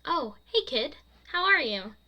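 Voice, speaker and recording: A woman's voice: sits high, sing-song, a little slow, sharp tone, pitched above the performer's own voice, exaggerated voice. A woman voicing a confident, popular eighteen-year-old girl with a breezy, teasing manner.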